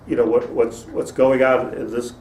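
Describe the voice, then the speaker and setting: A man's voice: medium pitch, level tone, normal speed, a little mellow. A man, a rabbi, giving an informal Torah lecture to a class, digressing, restarting sentences and laughing at his own jokes. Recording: roomy, distant mic with faint noise.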